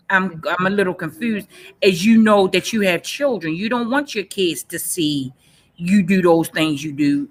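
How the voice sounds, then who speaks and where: A woman's voice: medium pitch, a bit bright. A woman in her forties speaking earnestly about her own life. She talks emphatically and repeats her key phrases. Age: 40s. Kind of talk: personal testimony in a panel session.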